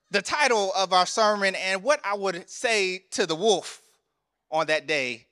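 Chaplain preaching in a reverberant chapel. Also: male voice, high-pitched, sing-song, takes it slowly, sharp tone. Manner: conversational storytelling, asks the congregation questions. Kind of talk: sermon.

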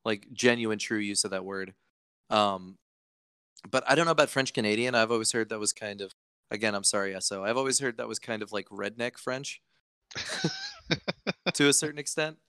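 Bright, crisp-voiced man chatting casually. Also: fairly low pitch, wildly swooping pitch, normal speed, long pauses, no room sound, clean studio sound. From Virginia, United States. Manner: chatty and rambling, jokey asides. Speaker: podcast host. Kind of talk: casual podcast chat.

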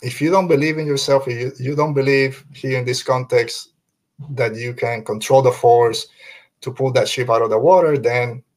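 An earnest man hosting a casual fan podcast, his voice pitched in an ordinary middle range. He talks emphatically and keeps circling back to repeat his point for stress. His delivery stays loose and conversational, dropping a casual "man" at the end of his lines. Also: steady tone, moderate pace, a little mellow. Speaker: podcast host.

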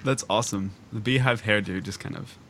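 A man's voice: on the low side, brisk. A man co-hosting a gaming podcast, playing the game as he chats, giggly and playful. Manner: giggly, playful, lively commentary while playing. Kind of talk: casual gaming chat.

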